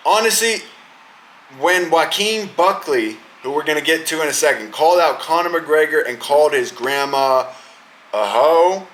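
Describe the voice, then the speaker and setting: Young guy podcaster going off on a cussing rant, bright punchy voice, faint noise behind. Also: fairly high pitch, low-quality recording. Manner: heated, profane, riled up. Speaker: podcast host. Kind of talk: casual profane sports rant.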